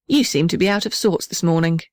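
Woman as an old male tree, stiff, dignified, soft inside, storybook. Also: fairly low pitch, a little fast, dry recording, studio quality, close to an everyday voice. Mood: cross. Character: old male gum tree, stern but kind-hearted.

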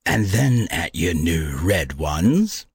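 A man's voice: sits low, very animated, slow, breathy edge, no echo, studio quality, heavily acted. A man playing a sly, kindly old soldier who talks in teasing riddles. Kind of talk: amateur play reading.

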